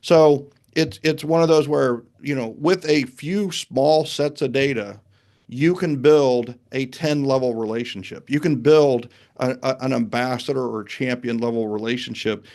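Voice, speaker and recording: A man's voice: mid-range voice, measured pace. Upbeat male podcast host. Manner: energetic, hypes up the guest. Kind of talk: casual interview chat.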